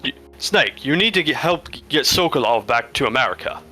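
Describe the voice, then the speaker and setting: A man voicing a calm male military commander with a British accent, giving a measured briefing. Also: mid-range voice, soft background music. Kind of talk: joking impression on a podcast.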